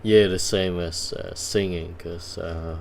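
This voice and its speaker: Slow, deep-voiced Vietnamese-accented man. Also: steady tone, slight background noise. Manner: halting, many filler sounds and restarts. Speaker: digital painting streamer. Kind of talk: casual chat with viewers while painting.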